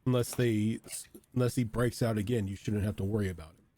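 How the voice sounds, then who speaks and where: A man voicing a calm, matter-of-fact male character in a tabletop game, in a fairly low voice. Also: a little fast, no echo, close to an everyday voice. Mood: reassuring.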